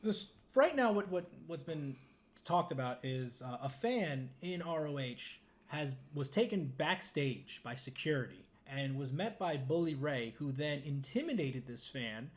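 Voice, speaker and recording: A man's voice: on the high side, expressive, measured pace. A man co-hosting a podcast in casual chat, often stumbling and repeating words as he sets up topics. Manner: hesitant, repeats words, laughs along. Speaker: podcast co-host.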